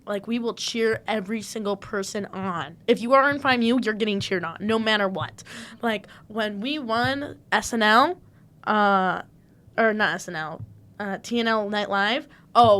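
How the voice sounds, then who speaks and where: Bubbly young woman, higher voice. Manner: bubbly, acts out quotes with loud cheering. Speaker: podcast co-host. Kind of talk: casual chat.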